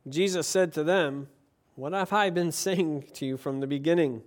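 A pastor delivers a sermon, mixing scripture reading with playful stories. His voice sits high for a man, and he moves from hushed asides to loud, punchy lines. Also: normal speed. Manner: animated, jokey storytelling, swings from quiet to loud. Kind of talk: sermon with Bible reading and jokes.

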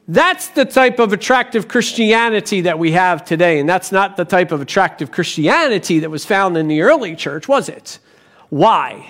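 A man preaching a sermon as pastor, deliberate, with bursts of animated storytelling. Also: high-pitched.

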